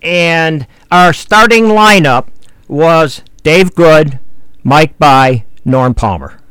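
A man's voice: on the high side, lively intonation, drawn-out words, a bit bright, clean tone, dry recording. A man, hosting and telling folksy baseball stories with fillers. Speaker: host. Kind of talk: reminiscing talk show chat.

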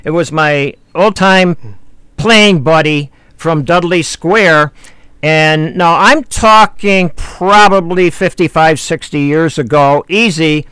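A man's voice: on the high side, takes it slowly, bright, forceful tone, smooth, no room sound. A man, hosting and telling folksy baseball stories with fillers. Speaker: host. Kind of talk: reminiscing talk show chat.

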